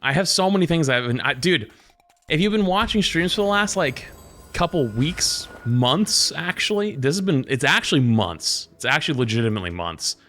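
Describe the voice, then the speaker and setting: Lively, animated male streamer. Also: fairly high pitch, normal speed. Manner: animated storyteller, mimics other people's voices. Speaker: live streamer. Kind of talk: casual live-stream chat.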